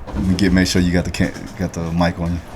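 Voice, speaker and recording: Deep-voiced casual male podcast host. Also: completely flat delivery, quick pace, background noise. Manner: casual, swears, laughs along. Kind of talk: casual chat.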